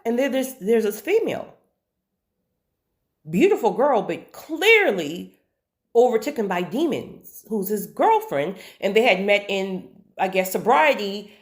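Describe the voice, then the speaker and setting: A woman telling a personal story to her viewers, chatty and animated, with asides and faith talk. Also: fairly high pitch, takes it slowly. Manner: faith-based talk of God and spirits. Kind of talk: casual storytelling.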